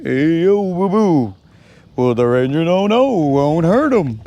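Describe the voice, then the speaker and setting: Guy doing a sly cartoon bear voice, loud and drawly, pushy catchphrases, kinda nasal-sounding timbre shift. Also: on the high side, lively intonation, slow, highs cut off. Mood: scheming.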